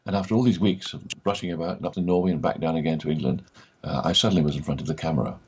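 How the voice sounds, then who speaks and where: A very deep, husky older man with a Scottish accent spins anecdotes for an interviewer, slipping into the voices of people he quotes. The recording is dull and lo-fi. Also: rapid-fire. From Scotland. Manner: acts out quoted voices in his stories. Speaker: actor guest.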